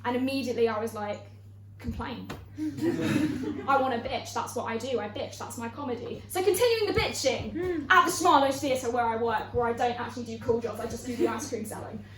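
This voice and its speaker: A woman's voice: fairly high pitch, fairly quick, crowd noise. Young woman hosting a comedy night. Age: young adult. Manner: chatty, complaining, swearing. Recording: echoey room, mic heard from far off.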